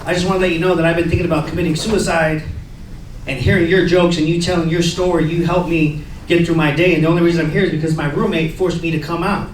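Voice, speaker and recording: A man's voice: fairly high pitch, steady tone, fast talker, distant mic, slight background noise, voice pushed down, lightly acted. A man voicing a grateful woman from a past audience, speaking earnestly in his own near-usual voice. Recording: echoey room heard from afar. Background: club audience.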